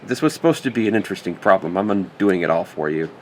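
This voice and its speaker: With a low, slightly mellow voice, a math instructor talks quickly and expressively as he writes through a problem in a recorded lecture. Joking asides and muttered self-corrections pepper his explanation, and slight background noise is audible.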